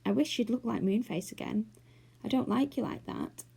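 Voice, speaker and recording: A woman's voice: a little high, lively intonation, moderate pace, vocal fry, warm tone, husky, heavily acted. A woman voicing a sad, hesitant old man turned into a toy rabbit in a storybook. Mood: peevish.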